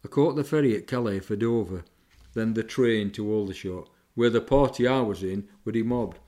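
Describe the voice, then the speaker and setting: Older veteran, low voice, plain-spoken and reflective memoir teller. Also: male voice, moderate pace, dark tone. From England, Sheffield. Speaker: war veteran recounting memories. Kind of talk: personal memoir recollection.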